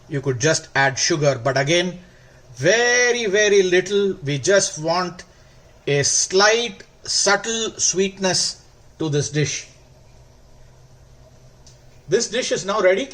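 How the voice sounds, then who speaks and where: A man hosting a cooking video, explaining each step slowly and warmly praising the food. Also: sits high. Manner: slow, instructive, gently enthusiastic. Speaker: cooking show host. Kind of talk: cooking demonstration.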